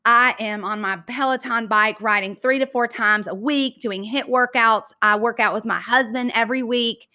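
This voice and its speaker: A woman in her thirties shares her story on a podcast with a bright, forceful voice sitting a bit high. She talks earnestly and candidly, peppering her speech with "like" and "y'all". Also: steady tone, normal speed, few pauses. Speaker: podcast host. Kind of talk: personal story talk.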